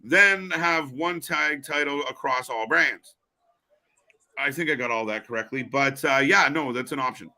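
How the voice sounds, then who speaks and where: A man's voice: medium pitch, measured pace, pushed and bright. A man co-hosting a casual live wrestling commentary stream, blunt and opinionated, swearing now and then. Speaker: co-host.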